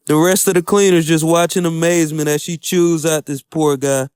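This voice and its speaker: A man's voice: sits high, steady tone, normal speed, few pauses, clean tone, no room sound, studio quality. A man recapping an anime episode in an upbeat, casual, slangy storytelling way. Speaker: anime reviewer.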